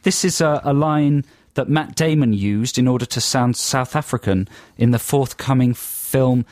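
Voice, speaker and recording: A man co-hosting a radio show, chatting in quick, animated banter and laughing often. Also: medium pitch, no room sound, clean studio sound. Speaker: radio co-host.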